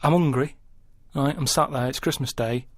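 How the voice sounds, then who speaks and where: A man on a comedy podcast, arguing a point at length in a rambling, deadpan way and checking in with the others as he goes. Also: medium pitch, dry recording. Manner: builds a point slowly, checking in with a repeated "right?". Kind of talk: rambling comic argument.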